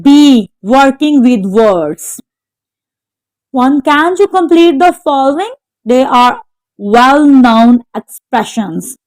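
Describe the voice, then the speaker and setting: A woman teacher slowly reading out textbook exercise answers, carefully naming the stressed syllable of each word. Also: sits high, lively intonation, a little mellow, poor audio. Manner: slow, careful dictation, spelling out word stress. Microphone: home microphone.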